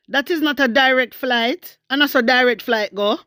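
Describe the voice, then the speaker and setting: Jamaican woman, vlogger rant, high-ish, animated and scornful, dry sound. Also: moderate pace, few pauses, no echo. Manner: animated, scornful, mixing patois and English. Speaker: commentary vlogger. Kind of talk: political commentary rant.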